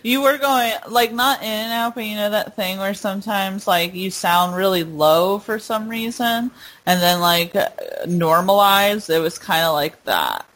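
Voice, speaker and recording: A co-host in casual chat who laughs easily and agrees in a relaxed way. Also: mid-range voice, measured pace, low-quality recording.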